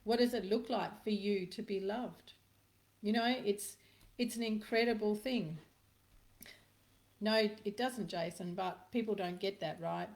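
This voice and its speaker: A woman's voice: mid-range voice, a little slow, a little mellow. Middle-aged woman, spiritual healer, live-stream host. Casual, storytelling, emphatic. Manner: chatty storyteller, addresses viewers by name, emphatic repetitions. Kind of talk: casual live-stream talk answering viewer comments.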